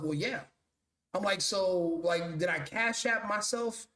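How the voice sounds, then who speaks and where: Guy with a high voice going off, swearing a lot, mocking, echoey room. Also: animated, unhurried, sharp tone. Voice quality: blunt, profane, mocking. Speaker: commentary show host. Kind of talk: profane commentary rant.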